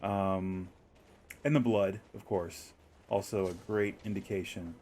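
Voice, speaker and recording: A man's voice: deep voice, steady tone, measured pace, a little mellow, slight background noise. A man streaming a video game, chatting casually to himself and the game with frequent chuckles. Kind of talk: casual gameplay commentary.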